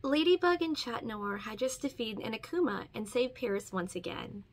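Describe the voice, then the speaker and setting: A woman's voice: fairly high pitch, normal speed. A young woman hosting her channel and reading a short comic story aloud. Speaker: channel host reading stories. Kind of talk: read-aloud story narration.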